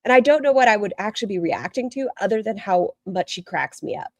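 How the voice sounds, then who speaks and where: A woman's voice: medium pitch, lively intonation, fast talker, no echo. A woman streamer giving casual, rambling reaction commentary and talking straight to her chat. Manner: chatty, rambling, talks to chat directly.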